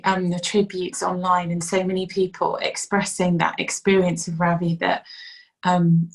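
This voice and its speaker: A woman speaking as a guest on a podcast, giving measured, reflective recollections. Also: fairly low pitch, rough recording. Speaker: ministry leader, guest. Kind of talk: podcast conversation.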